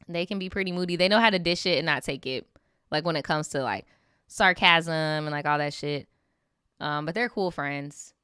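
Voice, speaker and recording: A young woman talks straight into a close, dry mic. Her voice is bright and smooth. She reads viewer stories and reacts with animated, slangy, sarcastic asides. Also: on the low side, no room sound. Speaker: streamer reading viewer stories. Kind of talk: casual storytime commentary.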